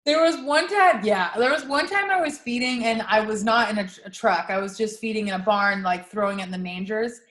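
A woman's voice: medium pitch, a little fast, hardly any pauses, a bit bright. A young adult woman co-hosting a podcast, telling a story in casual chat and laughing often. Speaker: podcast co-host. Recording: echoey room.

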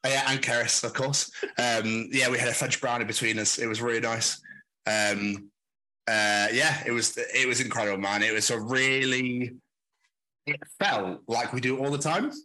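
Bright-voiced British man, rambling chat. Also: medium pitch, steady tone, moderate pace, low-quality recording. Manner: rambling, swears freely, laughs often. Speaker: podcast co-host. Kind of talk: casual chat.

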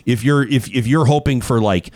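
A man's voice: medium pitch, normal speed, a little mellow, no room sound. A man hosting a talk show, chatting in a playful, digressive monologue.

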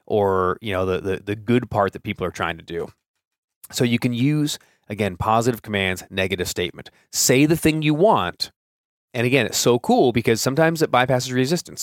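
A man's voice: medium pitch, no room sound, studio quality. A man in his thirties hosting a solo podcast, talking casually and thinking aloud with fillers and restarts. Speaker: podcast host.

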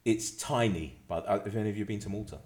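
A man's voice: on the low side, fast talker, a crowd in the background. A man co-hosting a casual podcast, rambling and playful, laughing often. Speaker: podcast co-host. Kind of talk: casual banter.

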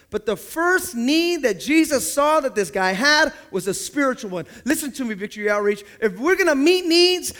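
A pastor with a notably high, somewhat bright voice delivers a sermon, calling on the congregation to repeat words after him. He acts out everyday scenes in quoted voices before returning to his preaching.

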